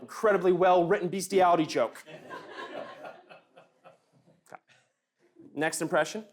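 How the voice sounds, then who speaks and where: A man's voice: fairly high pitch, a little fast, long pauses. A young man doing a stand-up comedy set with a dry, self-deprecating delivery.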